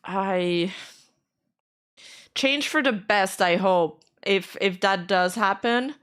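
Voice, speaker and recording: A woman's voice: mid-range voice, takes it slowly, a bit bright, smooth. A woman streamer giving casual commentary while reading out posts, skeptical and frustrated, speaking bluntly and swearing now and then.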